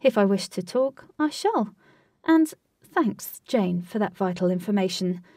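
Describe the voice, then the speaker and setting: A woman's voice: mid-range voice, animated, measured pace, darkish tone, no echo, distant mic. A woman voicing a bold, playful young woman in a storybook reading, speaking upbeat and teasing. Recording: dry, voice set back from mic.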